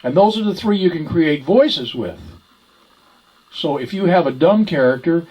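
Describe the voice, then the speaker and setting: A man's voice: a little high, expressive, normal speed, darkish tone, husky, highs cut off. A man teaching ventriloquism in a folksy, repetitive way, demonstrating voice types. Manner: folksy, repeats himself while explaining. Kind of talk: instructional demonstration.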